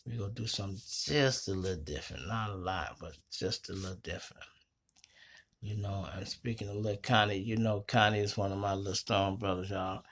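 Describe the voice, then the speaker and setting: A middle-aged man with a fairly low voice that sounds bright and forceful. He hosts from a small home studio and tells stories in a casual, slangy, cussing style that gets animated. He talks like he is chatting with friends. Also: fairly quick. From Chicago. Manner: profane, slangy, animated retelling. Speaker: host. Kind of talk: casual storytelling monologue.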